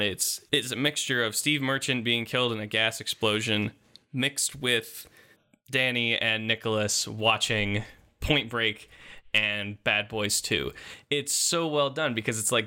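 A man's voice: on the low side, steady tone, a little slow, sharp tone, smooth. A man in casual, rambling conversation about a movie, laughing often and talking animatedly.

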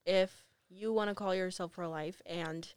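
Young woman guest, plain-spoken, lowish voice. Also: steady tone, unhurried, smooth, dry recording, studio quality. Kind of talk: casual chat.

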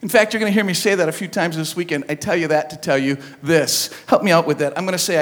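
A man preaching a humorous sermon at a youth event, telling comic stories and drawing call-and-response from the crowd, often shouting for emphasis. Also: a little high, quick pace, hardly any pauses. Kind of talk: humorous sermon to a live audience.

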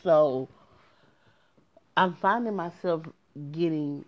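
Young woman, frank and exasperated storyteller addressing viewers directly; low voice, dull recording. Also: slow pace. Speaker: storyteller vlogger. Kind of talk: casual storytime monologue.

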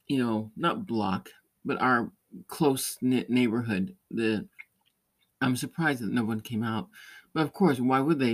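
A man of middle pitch hosting a relaxed talk show, wandering through an anecdote. He keeps restarting his sentences and laughs lightly as he goes, in easy, casual chat. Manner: rambling storytelling with many restarts and light laughs. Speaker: podcast host; parent or caregiver.

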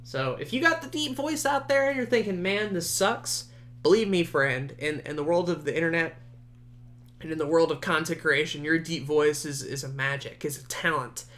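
A young man hosting his own podcast, chatting casually and rambling, often laughing, his voice jumping high at times. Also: a little fast, fairly bright tone. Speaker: podcast host. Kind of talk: casual solo podcast chat.

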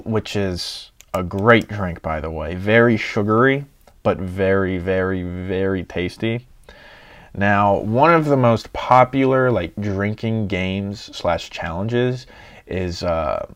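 Young man, low-ish voice, casual storytelling; excitable, profane, acts out quotes. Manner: excitable, swears a lot, acts out friends' lines.

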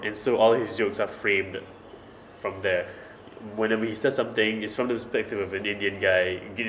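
A man's voice: fairly low pitch, a bit bright, roomy sound, slight background noise, low-quality recording. A man chatting casually as a podcast host, explaining at length and repeating words as he thinks. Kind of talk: casual chat about stand-up comedy.

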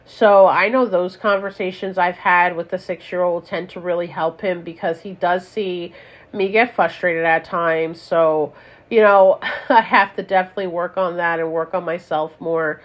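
A woman's voice: fairly low pitch, dull audio. A woman hosting a casual solo podcast, talking candidly and rambling with lots of "like" and "you know". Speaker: podcast host and parent.

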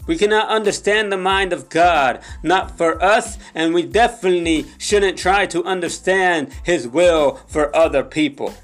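A young man preaching an impassioned sermon, repeating phrases and calling out to the audience, sometimes dropping into soft low prayer. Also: measured pace, few pauses, faint music behind. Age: young adult.

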